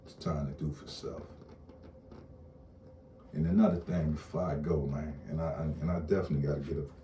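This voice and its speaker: Blunt, profane man ranting, deep voice. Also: fairly even intonation, a little fast, dark tone, slight background noise. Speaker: online commentator. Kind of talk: casual rant to camera. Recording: roomy echo, distant mic, faint ambience.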